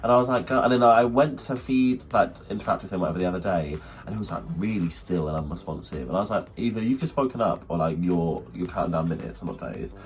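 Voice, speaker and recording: A man's voice: low-pitched, fast, few pauses. A young man co-hosting a casual chat, telling stories and acting out quotes in funny voices. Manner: animated storytelling, acts out quotes. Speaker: podcast co-host.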